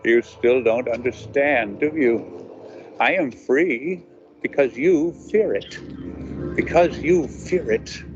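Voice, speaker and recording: A man's voice: medium pitch, slow, dull audio, music in the background, lightly acted. An actor playing an ancient, menacing male vampire lord who taunts and gloats. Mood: taunting.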